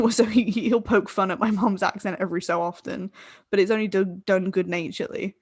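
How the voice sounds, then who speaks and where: A woman's voice: medium pitch, steady tone, normal speed, slightly rough, dry recording. Tipsy woman podcast host from england, mid voice, laughs through her sentences, dead dry sound. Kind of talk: casual chat.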